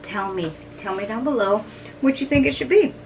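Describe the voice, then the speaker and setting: A woman's voice: a little high, moderate pace. A middle-aged woman chatting casually as she tastes and reviews snacks on her video channel, humming and chewing between bites. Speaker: food vlogger. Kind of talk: casual food review to camera. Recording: distant mic, faint background noise.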